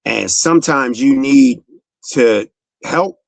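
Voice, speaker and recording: A man's voice: a little high, huge pitch swings, slow, creaky, no room sound. A young man hosting a sports talk show, delivering a fired-up, profane monologue that speaks straight to the player.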